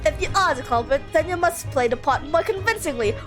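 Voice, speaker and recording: A woman's voice: sits high, animated, brisk, fairly bright tone, faint music behind. A woman voicing a smug, condescending male detective in a game read-through, with an attempted British accent and haughty, formal phrasing.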